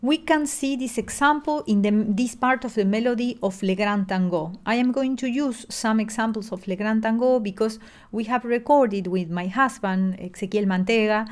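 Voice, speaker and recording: This online lesson comes from a middle-aged woman who lectures in music, her voice fairly high and her pace normal. She explains patiently, often using fillers and restarting her sentences.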